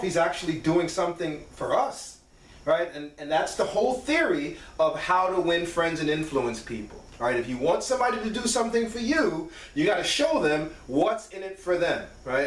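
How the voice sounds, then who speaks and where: A man hosting a show, telling stories from his career in a casual, animated way and acting out what others said, with a frequent "right?". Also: high voice. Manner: animated, acts out quoted voices, frequent "right?". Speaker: podcast host. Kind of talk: casual storytelling monologue. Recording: roomy echo, distant from mic.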